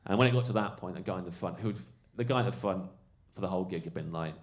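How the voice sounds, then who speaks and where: Rambling low-voiced man telling a story. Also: quick pace. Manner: rambling, animated storytelling, lots of fillers and swearing. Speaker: comedian guest. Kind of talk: comedy anecdote on a podcast.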